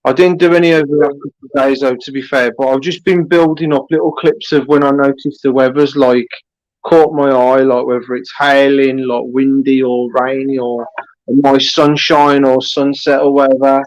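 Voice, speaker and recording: A man's voice: medium pitch, level tone, moderate pace, no room sound, poor audio. A man chatting casually on a livestream, repeating and restarting his phrases. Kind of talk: casual chat.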